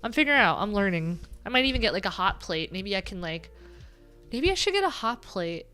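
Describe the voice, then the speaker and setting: A woman's voice: medium pitch, very animated, a little fast, bright, forceful tone, clean tone, soft background music. A woman with a nasal voice chatting casually on her livestream, rambling and joking at her own expense. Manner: chatty, rambling, self-deprecating. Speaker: livestream host.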